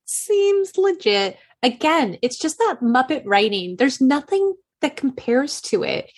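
A woman's voice: high-pitched, big pitch swings, measured pace, breathy edge. A young woman co-hosting a casual podcast, gushing about favorite scenes and quoting lines. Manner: enthusiastic, gushing, quotes scenes. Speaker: podcast co-host. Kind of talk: casual chat.

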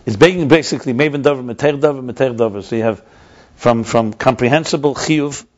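A man of medium pitch speaks a little fast as he teaches a class on a text. He reads passages aloud and explains them step by step with frequent repetition, and the recording sounds dull and lo-fi.

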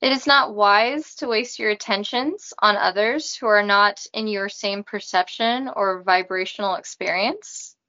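A woman channeling a slow robotic spirit guide. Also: medium pitch, lo-fi sound. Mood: solemn. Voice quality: flat robotic monotone. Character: calm channeled female spirit guide, solemn and detached.

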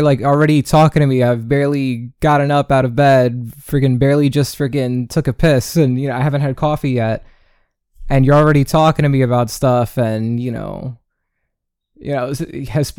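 Guy in his 20s ranting on his podcast, mellow kinda dark voice, swears a lot, super dry sound. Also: mid-range voice, smooth, no room sound. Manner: rambling, swears freely, quick asides; drops Spanish words into his talk. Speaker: podcast host. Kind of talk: casual solo podcast rant. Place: indoor home recording setup.

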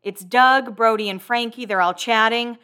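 Woman, host, casual recap chat, chatty, lots of fillers, slightly high voice. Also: moderate pace, sharp tone, smooth.

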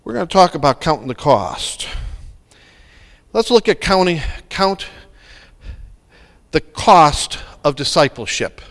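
A man's voice: a little high, very animated, slow, long pauses, fairly bright tone, big-room sound. A man preaching a sermon, dramatic and full of rhetorical questions. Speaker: pastor.

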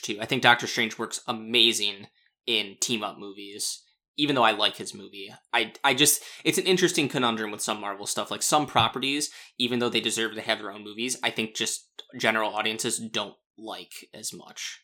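A man's voice: lowish voice, sharp tone. A man co-hosting a casual movie podcast, chatty and eager to share trivia. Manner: chatty, fact-sharing, quick asides. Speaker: podcast co-host.

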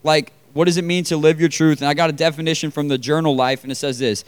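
Young male preacher, casual sermon style, smooth voice pitched slightly high, chatty and full of fillers. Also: fairly even intonation, fast talker. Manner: conversational, lots of fillers, asks the crowd questions. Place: meeting room with about forty people.

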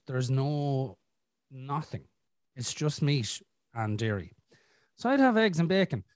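A man's voice: fairly high pitch, no echo, clean studio sound. A man hosting a podcast, telling his own story in a candid, casual way and swearing often. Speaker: podcast host. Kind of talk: casual conversation.

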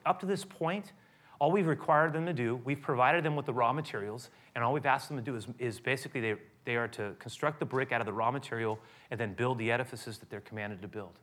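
A male pastor preaching a sermon and telling the scripture story with lively energy. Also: mid-range voice, fast talker. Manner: animated storytelling, acting out scripture.

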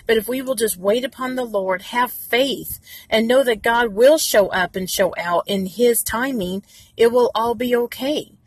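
A woman's voice: a little high, measured pace, breathy edge, dry recording. A woman giving an earnest, encouraging devotional talk from inside her parked car, with many fillers. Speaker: devotional speaker.

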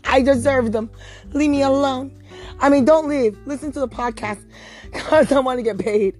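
Soft background music plays under this high-voiced woman's darkish tone and moderate pace. She's a podcast host doing a solo late-night chat, unable to sleep, casual and repeatedly dissolving into helpless giggles.

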